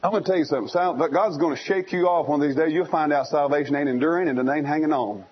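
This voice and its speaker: A male preacher delivering a fiery storytelling sermon in church, swinging from hushed to shouting. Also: fairly high pitch, fast talker, husky, lo-fi sound.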